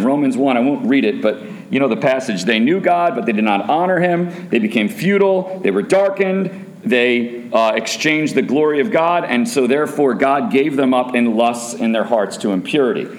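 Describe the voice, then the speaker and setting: Emphatic, animated male preacher. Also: on the high side. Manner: emphatic, repeats rhetorical questions, bursts of excitement. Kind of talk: sermon.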